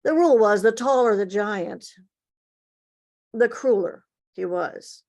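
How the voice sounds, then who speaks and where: A woman storyteller telling a folktale at an online story swap, expressive, with dramatic pauses and emphasis, heard over a video call. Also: mid-range voice, vocal fry.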